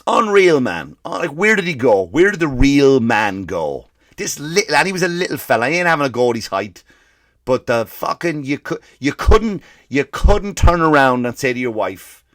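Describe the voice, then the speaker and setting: A male comedian and podcast host ranting in a profane, animated way, slipping into mock voices for the people he quotes. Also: on the high side, normal speed, no room sound, studio quality. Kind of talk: comedic rant.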